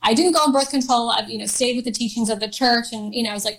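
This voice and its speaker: A woman's voice: on the high side, steady tone, quick pace, a bit bright, poor audio. A woman in her thirties telling a personal story in a casual chat, laughing often and using many fillers. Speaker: guest.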